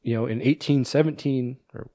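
A man's voice: mid-range voice, steady tone, moderate pace, dark tone, dry recording, studio quality. A man co-hosting a podcast, casually retelling a movie's plot with lots of ums and restarts. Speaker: podcast co-host.

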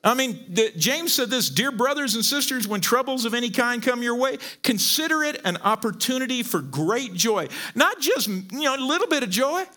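Lively, bright-voiced preaching man. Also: very high voice, normal speed, few pauses. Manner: animated, joking, repeats words. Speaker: pastor. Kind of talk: sermon.

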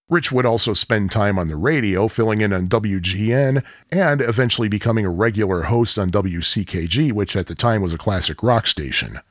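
Husky, chatty podcast host from Chicago. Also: male voice, on the low side, fairly bright tone, no echo, clean studio sound. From Chicago area. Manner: chatty, self-deprecating, nostalgic. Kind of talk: casual storytelling monologue.

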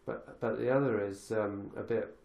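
A man's voice: lowish voice, steady tone, normal speed, vocal fry, a little mellow, roomy sound. A man hosting a podcast conversation, reflective and thinking aloud with many fillers and restarts. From lives in Galicia. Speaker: podcast host.

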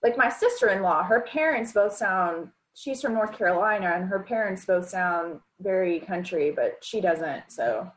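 A woman co-hosting a casual podcast, her pitch at an ordinary middle height. She grew up in the South but has no regional accent. She tells her stories in an easygoing, anecdotal way. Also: expressive, moderate pace, few pauses, rough recording. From Arkansas and Mississippi. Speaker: co-host.

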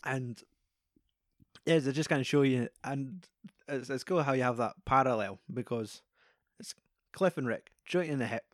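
A man's voice: mid-range voice, moderate pace, no room sound, studio quality. A young man, chatting casually and animatedly about a film, swearing freely. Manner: animated, sweary, acts out quoted lines.

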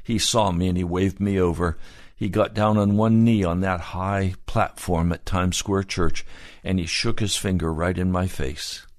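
A man preaching a sermon, moving from calm storytelling to impassioned, pleading calls. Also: low-pitched, measured pace, no echo, studio quality. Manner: impassioned, rising to fervent pleading.

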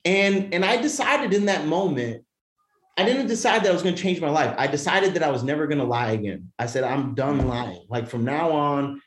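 Animated, cursing man in an echoey room. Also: fairly high pitch, a little fast. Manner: animated, profane, many restarts. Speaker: podcast guest. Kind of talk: casual storytelling. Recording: roomy echo.

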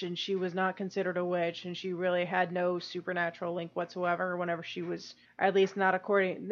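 A woman's voice: medium pitch, fairly bright tone. A woman co-hosting a casual podcast, chatty and explaining what she has read about a subject. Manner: chatty, explains research, laughs often. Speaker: podcast co-host. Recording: dull lo-fi audio.

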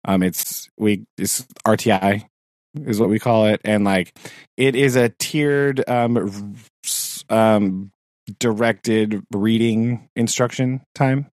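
A man's voice: on the low side, fairly even intonation, slow pace, a little mellow, dry recording, clean studio sound. A man who teaches sixth grade, chatting casually on a podcast, rambling with fillers and frequent laughs. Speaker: podcast co-host. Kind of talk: casual chat.

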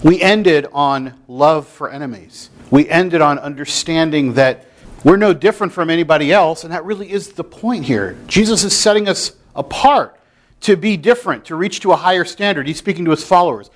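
A man's voice: fairly high pitch, normal speed. A man preaching a sermon in a conversational way, with playful, mock-incredulous asides. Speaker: pastor.

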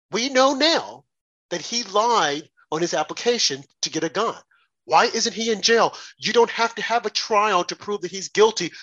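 A man's voice: high voice, a bit bright, dull audio. A man hosting a talk radio show, delivering an indignant, rhetorical monologue with emphatic questions.

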